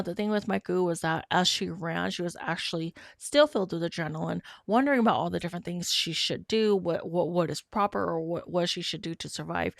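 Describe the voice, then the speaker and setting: Female podcast host, earnest measured storyteller, low register with fry. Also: no echo, studio quality. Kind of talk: storytelling narration.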